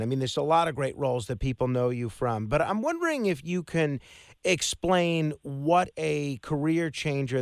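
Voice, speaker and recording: Halting male morning show host. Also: mid-range voice, no room sound, clean studio sound. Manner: warm introductions, halting questions with fillers. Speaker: radio host.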